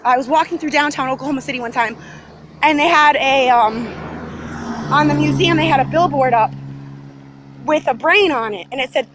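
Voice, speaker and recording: A woman's voice: high-pitched, a bit bright. A woman giving a rambling, agitated monologue to the camera outdoors in her neighborhood, jumping from topic to topic. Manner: agitated, emphatic, jumps between topics. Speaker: vlogger.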